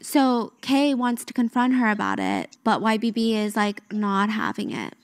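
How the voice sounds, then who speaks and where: A woman's voice: medium pitch, sing-song, normal speed, no echo. A woman telling a true story in a casual, chatty way, sprinkled with filler words. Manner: chatty, lots of 'like' fillers.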